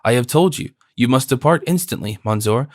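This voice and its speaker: A man's voice: medium pitch, lively intonation, fairly quick, a little mellow, dry recording, clean studio sound, close to an everyday voice. A man voicing an indignant young wife. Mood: commanding. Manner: scornful, pleading. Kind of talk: audiobook character voice.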